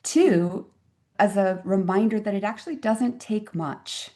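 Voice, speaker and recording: A woman's voice: mid-range voice, a little slow, warm tone. Woman, 50s, physician guest; earnest, reflective storyteller, mid-range voice. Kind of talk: conversational interview storytelling.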